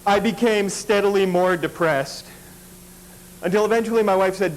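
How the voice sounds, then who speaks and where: A man's voice: sits high, measured pace, pauses often, low-quality recording. A man performing stand-up, telling a long personal story in a dry, self-deprecating way.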